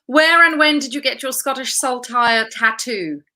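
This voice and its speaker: A woman hosting an interview and reading viewer questions to her guest. Her voice is on the high side and has a bright, forward edge. She reads in a chatty, upbeat way. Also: measured pace. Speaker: interview host.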